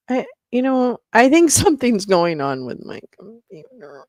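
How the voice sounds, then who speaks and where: A woman hosts a casual livestream and talks at an easy, drawn-out pace. Her pitch swings widely from phrase to phrase, and the sound is dry with little room echo. She comes across as scattered, swearing offhandedly and laughing at herself as she hunts for things. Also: huge pitch swings. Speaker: livestream host.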